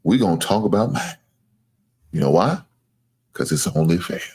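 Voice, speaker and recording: A man's voice: sits low, expressive, moderate pace, a little mellow, slightly rough. A man hosting a sports show, ranting casually to viewers, boastful and teasing, swearing freely and laughing at his own jokes. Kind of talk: casual trash-talking sports rant.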